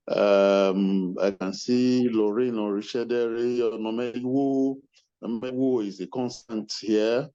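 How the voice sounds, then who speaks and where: An older man with a mellow, medium-pitched voice closes a webinar he convened, speaking over a video call. Earnest and measured, he thanks attendees by name, and the call audio is muffled.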